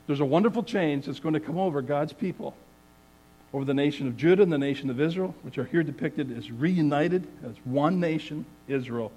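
A man preaching a sermon, earnest and measured, reading scripture aloud with emphasis. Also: a little high, dark tone, low-quality recording.

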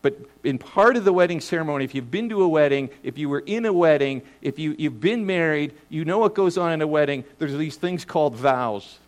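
A middle-aged man preaching a sermon as a pastor, earnest, often repeating words as he starts a phrase and slowing down to stress key points. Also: on the high side, expressive.

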